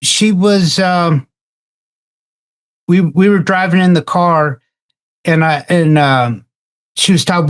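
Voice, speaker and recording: A man in a casual roundtable discussion, telling a story in a halting way and often repeating words. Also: on the high side. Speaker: roundtable participant.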